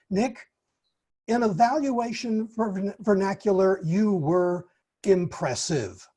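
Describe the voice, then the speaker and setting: A man giving a formal, encouraging speech evaluation over a video call, speaking in a measured way with deliberate pauses. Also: high voice, dark tone, slightly rough.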